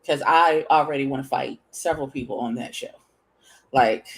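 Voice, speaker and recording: Blunt, animated woman co-host. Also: moderate pace, rough recording. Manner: animated, blunt, swears freely, jumps into high outbursts. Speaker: podcast co-host. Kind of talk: casual chat.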